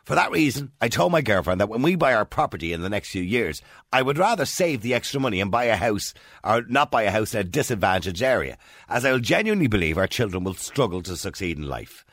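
A man's voice: lowish voice, very animated, fast, a bit bright, no echo, studio quality. A man in his sixties with a mild Dublin accent, hosting a chatty radio phone-in and putting questions to listeners. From Ireland. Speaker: radio presenter. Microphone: studio microphone.

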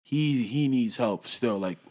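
A young man in casual chat, talking with lively swings between loud bursts and low mutters, full of street slang. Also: takes it slowly.

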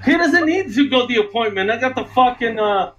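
A man's voice: very high-pitched, animated, a little fast, a bit bright. A man co-hosting a live stream, joking around with crude, casual banter.

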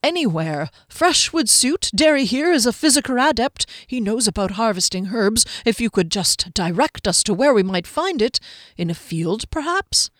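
A woman reads a storybook mage, a man pleading urgently and failing to hide his desperation. The voice lifts high and is recorded dry and close. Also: lively intonation, moderate pace, dry recording, natural voice.

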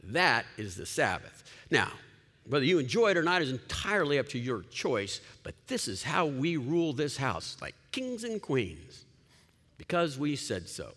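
A man preaching a sermon as a pastor, playful and joking, with bursts of loud mock commands. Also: fairly high pitch. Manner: lively, laughing, playful asides and sudden loud commands. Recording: long hall reverb.

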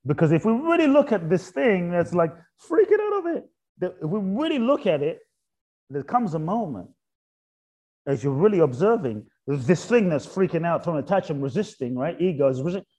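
A man talking as an interview guest in a reflective spiritual conversation. He asks repeated rhetorical questions and drops soft and slow on key points. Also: fairly high pitch, big pitch swings.

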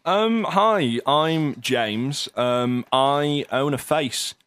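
A man co-hosting a comedy radio show, narrating a mock-epic intro and bantering with deadpan playfulness. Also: mid-range voice, drawn-out words, smooth, dry recording, clean studio sound. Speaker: podcast co-host and narrator. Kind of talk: comic scripted narration and banter.

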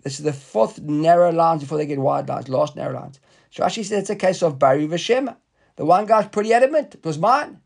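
A man with a high, gravelly voice teaches a Talmud class conversationally. He often repeats words and puts questions to his students.

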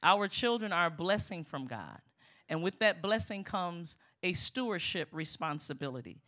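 Bright-voiced middle-aged woman preacher. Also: lowish voice, moderate pace. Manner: lively, emphatic preaching with calls to the congregation. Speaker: guest preacher. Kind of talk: sermon.

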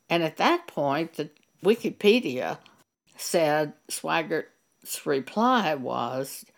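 Slow, gravelly older woman preaching firmly. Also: fairly low pitch. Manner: slow, deliberate, firm and emphatic. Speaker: Bible teacher. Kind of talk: sermon with scripture reading.

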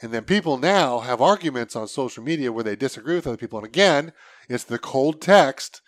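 A man's voice: mid-range voice, animated, a little fast, dry recording, studio quality. A man in casual conversation, blunt and opinionated, swearing freely as he argues his points. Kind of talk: casual podcast chat.

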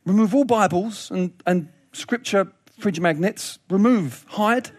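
A man preaching a sermon in a lively, humorous way, laughing often and repeating words as he goes. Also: high voice, unhurried, no room sound, clean studio sound.

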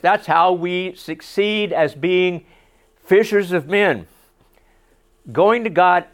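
A middle-aged man, a pastor preaching a sermon in an earnest, conversational way with asides to the congregation. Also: on the high side.

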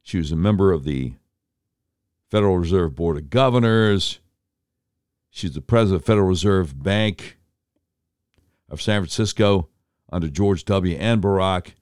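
A man's voice: low voice, moderate pace, long pauses, a little mellow, clean tone, dry recording, clean studio sound. A man hosting an opinionated talk monologue, sarcastic and mocking as he comments on clips. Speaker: political commentary host.

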